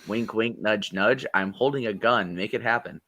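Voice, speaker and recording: A young man co-hosting a podcast in casual, jokey chat, animated and swearing freely. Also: fairly low pitch, moderate pace. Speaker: podcast co-host.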